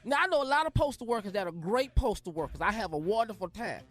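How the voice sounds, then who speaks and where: Man, radio regular, comic rant, lively pitch, faint music. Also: fast. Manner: rambling storyteller with chuckles.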